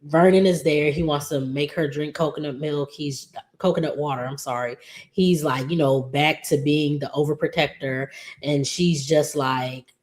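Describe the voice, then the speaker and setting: A woman with a notably low voice, recapping a soap episode in easygoing chat. She talks loosely, with plenty of ums and likes, and she is quick to laugh. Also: steady tone, darkish tone. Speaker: soap opera recap vlogger.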